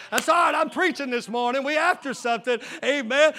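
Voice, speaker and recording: A man, the lead pastor, preaching a call-and-response sermon in a church, rising into shouts and peppering his lines with amens. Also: very high-pitched, brisk, few pauses. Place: church sanctuary.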